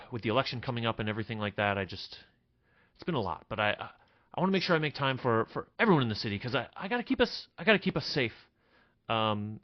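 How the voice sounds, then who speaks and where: A man's voice: lowish voice, lo-fi sound, lightly acted. Man doing a flustered, nervous town chief. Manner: nervous, overly friendly, calls people buddy. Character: flustered middle-aged male town chief.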